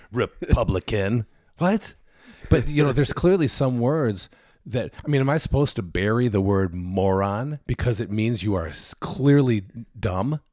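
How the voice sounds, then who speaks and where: A man's voice: medium pitch, animated, a little slow, a little mellow, no room sound, studio quality. A man co-hosting a podcast in casual chat, ranting sarcastically and swearing freely. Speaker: podcast co-host.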